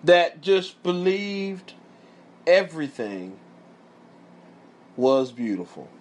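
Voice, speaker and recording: A man preaching a sermon, emphatic and repetitive, often pausing to tell his listeners to watch closely. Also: on the high side, sing-song, darkish tone.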